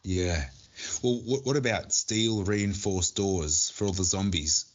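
A man's voice: deep voice, takes it slowly. A man co-hosting a podcast in casual chat, joking and restarting his sentences often. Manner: joking, restarts often, laughs at own jokes. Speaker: podcast co-host.

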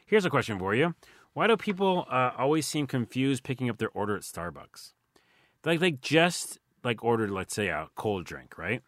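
A man's voice: medium pitch, very animated, moderate pace, fairly bright tone, no room sound, studio quality. A man hosting a podcast, chatting casually and telling playful stories. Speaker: podcast host. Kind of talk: casual chat.

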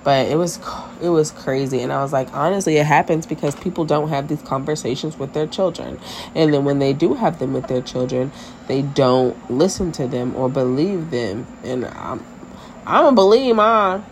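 A woman in her thirties co-hosting a casual chat, an animated storyteller who laughs often. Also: a bass voice, moderate pace, a little hiss or hum, rough recording. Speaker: podcast co-host.

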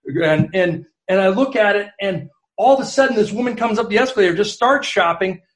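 A middle-aged man, a guest sports columnist, telling animated, rambling anecdotes in casual chat, full of restarts. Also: sits high, fairly quick, roomy sound.

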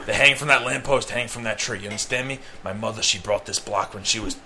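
A man's voice: fairly low pitch, quick pace, very noisy, lightly acted. A man doing a bossy New York mafia guy. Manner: bossy, commanding. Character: brash older male mafia type, bossy and boastful.

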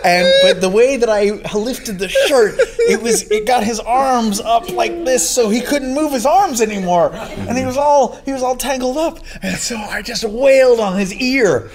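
Give me a man with a swooping, expressive voice, spinning a funny story in casual chat. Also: extremely high pitch, unhurried, hardly any pauses, crowd noise. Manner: animated, laughing storyteller. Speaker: podcast host.

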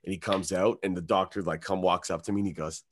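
A man's voice: low voice, fast talker. A young man, telling a long comic story on a podcast, swearing freely and acting out voices in a raised tone. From Canada. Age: young adult. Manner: animated, profane storytelling, acts out his own and others' lines in a raised voice. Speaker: comedian guest.

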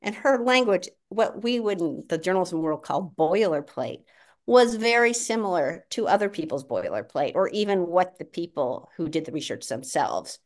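A woman guest on a podcast who works in education policy, explaining her views in a measured way. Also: on the low side, expressive. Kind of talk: casual podcast conversation.

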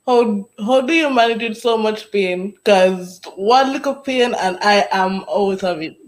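A woman's voice: medium pitch, measured pace. A woman hosting a podcast, asking questions in a playful, laughing way. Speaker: podcast host. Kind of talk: casual interview chat.

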